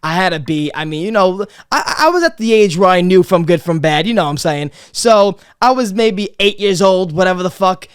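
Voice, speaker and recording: A young Brooklyn man with a New York accent hosts a loose podcast chat. His voice sits high and rings smooth and clear, tumbling through stammered restarts and casual swearing. The sound is dry and close. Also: lively intonation, brisk, hardly any pauses, no echo. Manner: rambling, stammering restarts, lots of cursing. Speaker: podcast host.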